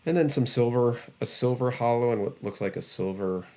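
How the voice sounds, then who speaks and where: A man's voice: medium pitch, brisk, darkish tone. A man co-hosting a podcast, chatting casually about trading cards, rambling with many fillers and restarts. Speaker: podcast co-host.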